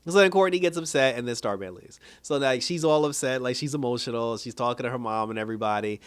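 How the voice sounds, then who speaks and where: A man talks through a TV episode in an easygoing, rambling recap, stringing thoughts together with "like" and "you know." His voice sits at an ordinary middle pitch. He sounds close to the mic in a dry, deadened room. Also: fast talker, smooth, no room sound. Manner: rambling animated retelling, heavy filler "like". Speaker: TV episode reviewer. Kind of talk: casual recap and review.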